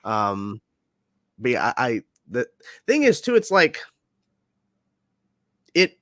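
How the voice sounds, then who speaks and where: A man co-hosting a casual pop-culture chat show, excitable, laughing and swearing, often repeating himself. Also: mid-range voice, takes it slowly, no echo. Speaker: co-host.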